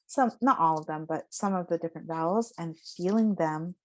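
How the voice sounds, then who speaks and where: A woman's voice: on the low side, moderate pace, a little hiss or hum. A woman giving a casual spoken lesson, explaining and demonstrating vowel sounds aloud. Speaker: voice teacher.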